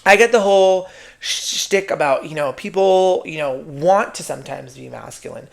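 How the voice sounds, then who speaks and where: Gravelly, sassy male podcast host. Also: on the high side, normal speed. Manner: sassy, profane, keeps adding "right?". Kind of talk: casual solo monologue.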